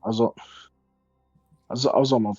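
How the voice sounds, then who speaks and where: A man's voice: mid-range voice, fairly even intonation, unhurried, mellow, slightly rough, no room sound, highs cut off, soft background music. A man playing in a tabletop game, chatting casually and unsure of himself. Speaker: player.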